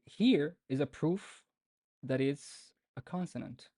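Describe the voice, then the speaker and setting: A man teaching a live online beginner lesson, patient and informal, repeating example words slowly many times. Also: fairly high pitch, no echo, studio quality. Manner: relaxed and informal, with fillers and restarts. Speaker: Arabic teacher.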